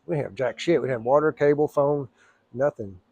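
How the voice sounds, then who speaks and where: A man's voice: medium pitch, brisk, mellow, no room sound. Blunt rambling man. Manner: blunt, rambling, profane, frequent throat clearing. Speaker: storyteller. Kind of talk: personal storytelling.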